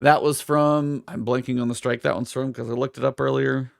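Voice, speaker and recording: A man in casual podcast chat, venting about game changes in an exasperated, ranting way. His voice sits at an ordinary middle pitch. It is recorded close and dry, with no room sound. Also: fairly even intonation, brisk, vocal fry, dry recording. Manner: ranting, exasperated, reads chat messages aloud. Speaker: podcast co-host.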